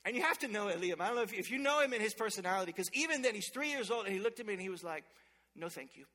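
High, bright-voiced pastor preaching. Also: male voice, rapid-fire. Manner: lively storytelling with humor and call-outs to the congregation. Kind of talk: sermon. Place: large church sanctuary. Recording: long hall reverb from a large sanctuary.

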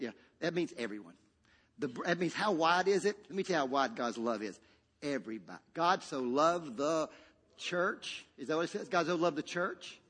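A male pastor preaching a sermon, swinging between loud, shouted peaks and hushed, quiet passages, and calling on the congregation to repeat after him. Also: on the high side. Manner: dynamic preacher with sudden shouts and hushed drops, call-and-response. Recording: long reverb of a large hall.

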